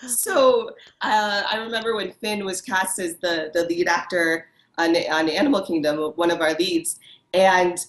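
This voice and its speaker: A woman's voice: fairly low pitch, unhurried. A woman costume designer chatting as an interview guest, bubbly and enthusiastic, laughing often. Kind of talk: casual interview chat. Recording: echoey room.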